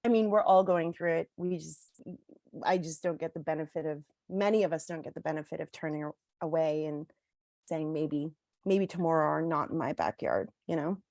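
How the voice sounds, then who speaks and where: A woman's voice: deep voice, a little fast, a little mellow, no room sound. Angry Canadian woman frontline worker. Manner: angry, blunt, lots of "like" and "you know". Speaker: frontline social services worker. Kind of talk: impassioned townhall speech.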